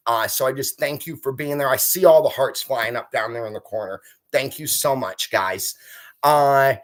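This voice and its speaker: A man's voice: mid-range voice, a bit bright. A man hosting a casual live stream, reading viewer comments aloud and encouraging them.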